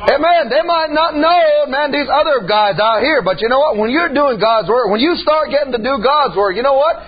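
A man's voice: very high voice, animated, a little fast, slightly rough, highs cut off. A male pastor preaching a storytelling sermon in a church, folksy and punctuating with amen. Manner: folksy, exclaims amen often, laughs at own stories.

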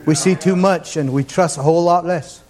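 A man preaching a fervent sermon, repeating his phrases and climbing toward near-shouts. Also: on the high side, normal speed, a crowd in the background.

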